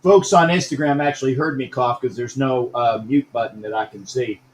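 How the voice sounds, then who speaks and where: A man's voice: medium pitch, moderate pace, reverberant, slight background noise, rough recording. A man hosting a casual live-streamed sports talk show, rambling, repeating himself and greeting viewers by name.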